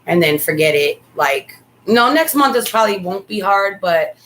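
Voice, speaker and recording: A woman's voice: medium pitch, expressive, normal speed, fairly bright tone, slight background noise, poor audio. A middle-aged woman and mother co-hosting a casual talk show, telling a family story with candid asides. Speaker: podcast co-host, mother.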